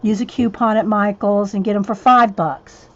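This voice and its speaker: A woman's voice: mid-range voice, steady tone, moderate pace, dull audio. A woman, chatting casually with live-stream viewers at home, a little out of breath, greeting them by name. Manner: chatty, addresses viewers by name, drawls "y'all". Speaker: host of a craft live stream.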